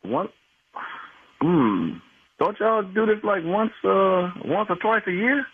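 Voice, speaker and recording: Indignant high-voiced man on the phone. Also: very animated, slow, slight background noise. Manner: indignant, repeats himself, shouts in disbelief. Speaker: prank call target. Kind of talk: heated phone argument. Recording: tinny phone line.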